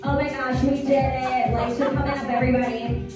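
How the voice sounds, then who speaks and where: A woman's voice: sits high, flat delivery, brisk. A woman fitness instructor leading a workout class, upbeat and coaching the room. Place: fitness studio with music. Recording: roomy, distant, loud music and crowd.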